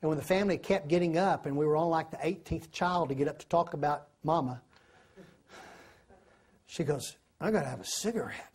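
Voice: mid-range voice, normal speed, long pauses, darkish tone, a little hiss or hum. A preacher, giving a sermon, telling stories and asking the listeners questions. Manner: storytelling, asks the listeners questions.

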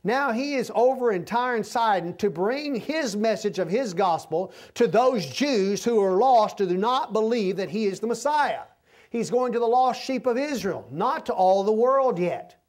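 A man preaches through a passage in a loose, conversational way, explaining as he goes. His voice sits high for a man. He keeps pausing to make sure his listeners are keeping up. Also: animated. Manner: folksy, repeatedly checks in with the listeners. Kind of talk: conversational verse-by-verse sermon.

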